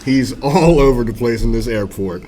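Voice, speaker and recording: A man's voice: medium pitch, normal speed. A young man who is a podcast guest, bantering in casual chat and laughing along. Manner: relaxed banter, laughing and chiming in.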